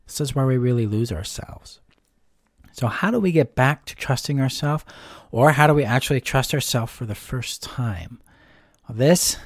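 A man hosting a self-help talk, explaining in a calm, measured way and listing ideas in long runs. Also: mid-range voice, no echo, clean studio sound. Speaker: self-help host answering a question. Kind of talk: reflective solo talk.

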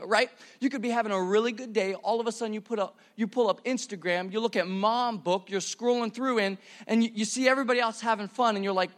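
A man's voice: extremely high pitch, a bit bright. A young man preaching a sermon in a church, casual and slangy, often repeating words as he starts a sentence.

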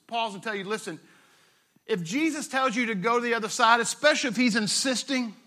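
A man's voice: extremely high pitch, a little fast, sharp tone. A male pastor, preaching a sermon in a conversational way, retelling scripture with playful asides.

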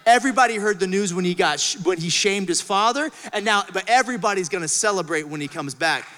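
Animated bright-voiced man preaching in a hall. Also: sits high, fast. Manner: animated, acts out the father's voice, swings from shouts to hushed asides. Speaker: pastor. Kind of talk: sermon. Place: church auditorium. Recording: large hall with long reverb.

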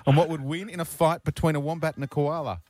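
A man's voice: fairly high pitch, steady tone, fast, a little mellow, no room sound. A man with an Australian accent hosting a radio show, bantering and teasing in a dry, jokey way. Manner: teasing, dry, uses mate. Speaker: radio host.

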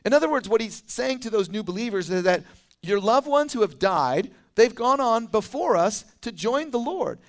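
A man with a notably high-pitched voice preaches a verse-by-verse sermon. He talks in a relaxed, conversational way and drops in lively asides between readings. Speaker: teaching pastor. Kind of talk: expository sermon. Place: church.

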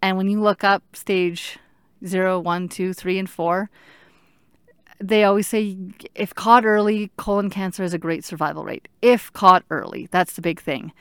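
A woman in her thirties telling her own story in an earnest, halting way, stopping to search for words. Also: mid-range voice, steady tone, smooth, dry recording, studio quality. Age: 30s. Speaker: patient sharing her story. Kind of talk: personal storytelling.

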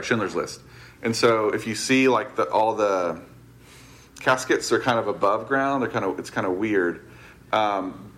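A man's voice: fairly low pitch, a bit bright. A man teaching a casual Bible class, chatty and loose, correcting himself and laughing easily.

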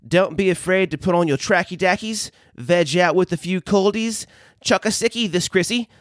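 A man's voice: sits high, moderate pace, dry recording, studio quality, voice pushed up, lightly acted. A man putting on an exaggerated Australian accent as a cheery bloke wishing his mates a good holiday. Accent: put-on Australian.

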